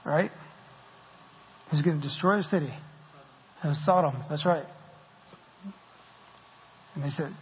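A man's voice: a little high, unhurried, long pauses, a little hiss or hum. A man giving a conversational, self-deprecating sermon in a church, laughing often as he talks. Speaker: preacher. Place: church sanctuary. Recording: muffled audio with long hall reverb.

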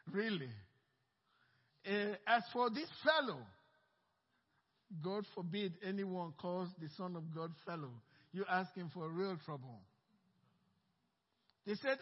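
A male pastor preaching an animated, emphatic sermon and calling out for amens. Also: high voice, unhurried, pauses often, breathy edge. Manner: animated, emphatic preaching with call-outs for amen. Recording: muffled recording with long hall reverb.

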